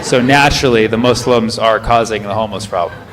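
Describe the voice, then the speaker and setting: A man in his thirties, a stand-up comedian doing loose crowd work, riffing and firing quick questions at the audience from the stage. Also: fairly low pitch, noisy background. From United States.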